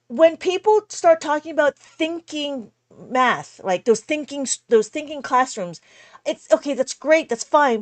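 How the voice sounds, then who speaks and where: High-voiced woman ranting about teaching. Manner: animated, exasperated ranting. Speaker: math teacher. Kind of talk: casual livestream lesson.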